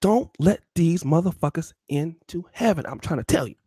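A man voicing God as a stern, weary older man who complains in a low, hushed voice. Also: animated, normal speed, slightly rough, no room sound, studio quality. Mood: exasperated.

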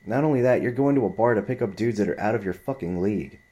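A man's voice: fairly low pitch, fast talker, mellow. A man in his twenties telling a story in a heated, profane, rambling rant. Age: 20s.

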